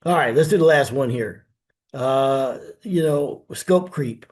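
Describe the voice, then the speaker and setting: Plain-spoken man, mid-pitched voice. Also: takes it slowly. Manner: plain spoken with many fillers. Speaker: flooring contractor. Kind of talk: casual podcast chat.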